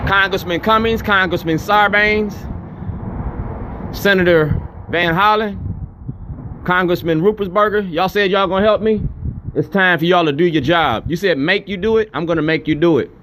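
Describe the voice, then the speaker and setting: A man's voice: high voice, moderate pace, sharp tone, a little hiss or hum. A man giving a defiant, confrontational speech at a town hall, repeating his demands. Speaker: activist speaking at a town hall. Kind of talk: impassioned public speech.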